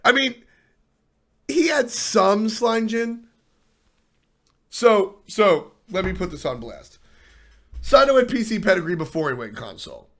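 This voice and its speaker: A man's voice: sits high, unhurried, pauses often. A man hosting a casual livestream talk show about esports, talking bluntly and with swearing as he riffs and answers chat. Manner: animated, blunt and profane, riffing to chat.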